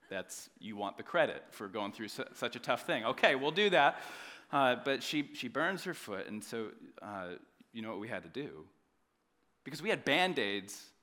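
A man in his thirties preaching a sermon, telling a family story with jokes and swinging between loud emphasis and quiet asides. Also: mid-range voice. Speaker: pastor.

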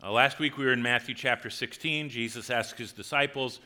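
A male pastor delivering a sermon to his congregation. He talks in a relaxed, lively way and slips into voices for quoted lines. His tone is bright and crisp. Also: mid-range voice, fairly quick. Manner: conversational, animated, acts out quotes.

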